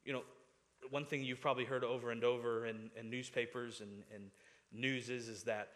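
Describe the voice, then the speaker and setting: A man delivers a sermon in a chatty, back-and-forth manner. He keeps asking the congregation questions and stumbles over repeated words as he pushes his point. His voice sits at an ordinary middle pitch. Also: fairly even intonation, brisk, fairly bright tone. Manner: conversational preaching with frequent rhetorical questions and stammered restarts. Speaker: pastor.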